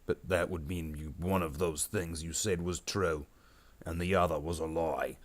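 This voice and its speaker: A man's voice: low-pitched, steady tone, normal speed, close to an everyday voice. A man voicing a dim, bossy male orc warboss who blusters, gets muddled and makes threats. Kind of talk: improvised comedy skit while painting.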